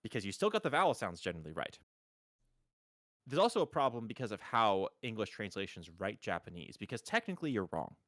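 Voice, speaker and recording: A man's voice: fairly low pitch, very animated, fairly quick, a bit bright, no echo, clean studio sound. A man chatting on a live stream, explaining pronunciation patiently like a teacher, with emphatic repetitions. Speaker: stream co-host. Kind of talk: casual chat on a live stream.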